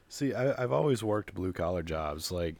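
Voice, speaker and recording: A man's voice: low-pitched, animated, a little slow. A young man co-hosting a casual chat, telling work stories in a laid-back way with frequent laughs. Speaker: podcast co-host.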